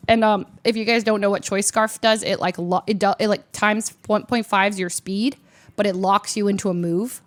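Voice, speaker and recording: A woman streamer casually telling her viewers a story, animated and self-mocking, full of "like" and quick asides. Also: mid-range voice. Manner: animated, heavy use of "like", rapid asides; self-mocking, laughs often.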